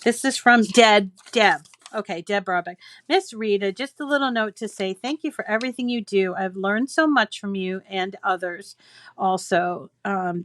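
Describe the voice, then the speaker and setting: A female crafting channel host reads viewer holiday mail aloud at home, chatting in a relaxed way and gushing over the cards. Her pitch is medium, her tone fairly bright, and the audio has no echo.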